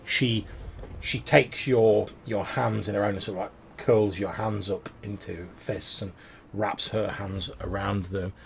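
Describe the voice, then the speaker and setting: A man's voice: fairly low pitch, steady tone, unhurried, gravelly, a little hiss or hum. A man narrating a tabletop role-playing game as game master, describing scenes with frequent restarts.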